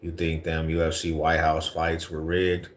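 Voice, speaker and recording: A man hosts a casual live stream. He chats in loose slang, answers viewer comments, and gets loud and heated on his rants. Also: rumbling low, completely flat delivery, a little slow, slight background noise. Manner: laid-back slangy talk, rising to heated rants. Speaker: livestream host. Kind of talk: casual livestream chat reading viewer comments.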